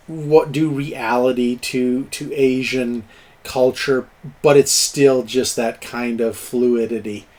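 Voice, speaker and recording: Slow-talking man running a tabletop game. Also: medium pitch. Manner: chuckling, encouraging, plays up dice rolls. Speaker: game master.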